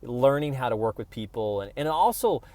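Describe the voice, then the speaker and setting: A man's voice: mid-range voice, animated, normal speed, a little mellow, dry recording. A man from Oklahoma talking casually to camera in a rambling, playful travel vlog, full of restarts. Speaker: vlogger.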